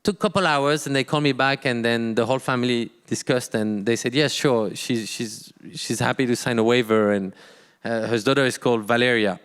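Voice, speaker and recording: A man, a guest artist telling a story on stage, halting often and acting out quoted dialogue. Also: mid-range voice, fairly bright tone, clear, resonant tone, long reverb tail. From France. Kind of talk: storytelling in a live talk.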